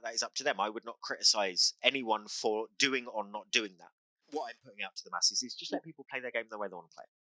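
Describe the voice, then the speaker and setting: A man's voice: fairly low pitch, sharp tone, dry recording, poor audio. A man hosting a podcast as a game master, talking in impassioned, emphatic casual chat that repeats phrases for effect.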